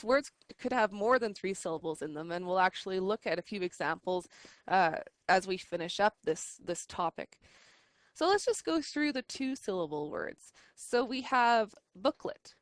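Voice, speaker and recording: A woman's voice: mid-range voice, clear, resonant tone, no room sound. A woman teaching an adult English class, explaining step by step in a patient way with frequent ums and restarts. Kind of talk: recorded online class lesson. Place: classroom with online students.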